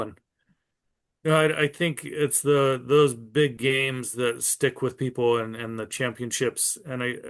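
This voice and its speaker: A man's voice: mid-range voice, a bit bright. A man in his fifties, a card-collector guest, chatting casually and trailing off with frequent ums. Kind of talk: casual podcast chat.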